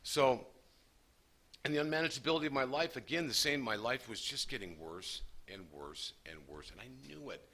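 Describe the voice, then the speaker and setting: A man's voice: mid-range voice, animated, moderate pace, sharp tone, slight background noise. A man speaking earnestly to a recovery meeting, sharing his story in an emphatic, folksy way. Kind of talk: personal recovery talk to a group.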